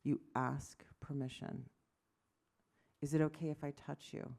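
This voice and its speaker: A physician in her 50s gives an award lecture to a medical audience, her low, slightly slow voice edged with vocal fry. She tells stories with animation, acting out dialogue and adding self-deprecating asides.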